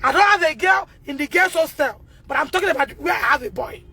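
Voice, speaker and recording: Impassioned Nigerian woman, high bright voice. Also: animated, fast, poor audio. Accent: Nigerian English. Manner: emotional, repeats herself, rises to shouting. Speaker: mother speaking out on a livestream. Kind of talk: impassioned livestream testimony. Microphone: phone.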